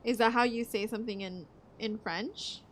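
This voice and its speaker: Young woman, game streamer, chatty and profane, voice sits a bit high. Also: steady tone, normal speed, a little hiss or hum. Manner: chatty, joking, swears freely, laughs often. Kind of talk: casual chat while gaming.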